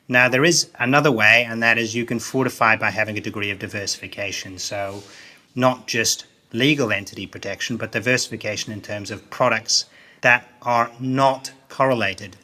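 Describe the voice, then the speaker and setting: A man's voice: lowish voice, steady tone, moderate pace, pushed and bright. A man, a business consultant, giving emphatic interview answers that repeat key phrases.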